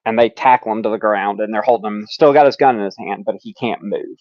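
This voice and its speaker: A man's voice: lowish voice, fast talker, dry recording. Chill guy running a tabletop game, lots of ums, dull lo-fi sound, dry. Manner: relaxed, laughing, filler-heavy narration. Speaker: game master.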